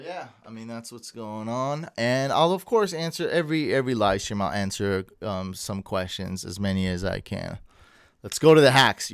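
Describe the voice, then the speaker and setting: Tired guy rambling on his livestream, lowish clean voice, dry close sound. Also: clear, resonant tone, no echo. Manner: chatty, rambling, thanks viewers and stumbles over names. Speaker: livestream host. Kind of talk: casual livestream chat reading viewer comments. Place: home room.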